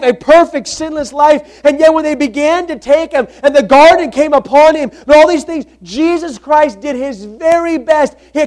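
A young man preaching a sermon, swinging between loud, animated passages and hushed, earnest ones. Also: very high voice. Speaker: pastor.

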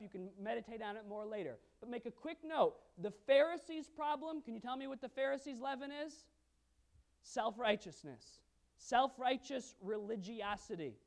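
Male pastor preaching, super animated, asks the crowd stuff, goes quiet then loud. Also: high voice. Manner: animated, asks the audience questions, swings from quiet asides to loud emphasis. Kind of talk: sermon.

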